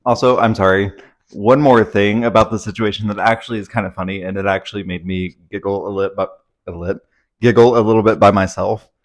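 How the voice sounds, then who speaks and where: Young guy vlogging from home, lowish voice, rambly and nervous, swears a lot. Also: steady tone, a little fast. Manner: rambling, swearing, anxious storytelling. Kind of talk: casual confessional vlog. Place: at home indoors.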